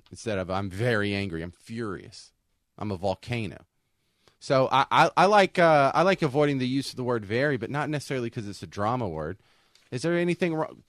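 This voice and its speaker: A man's voice: medium pitch, no echo, studio quality. A man co-hosting a casual talk show, rambling and often restarting his sentences. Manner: rambling, self-interrupting with restarts. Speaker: co-host.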